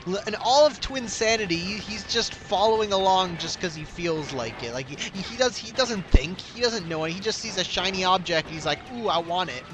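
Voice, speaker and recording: A man playing a game on stream, talking excitedly and stumbling over his words. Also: high voice, fairly quick, hardly any pauses, background noise. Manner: stammering, excitable. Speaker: player on a gaming stream. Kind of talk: casual gaming commentary.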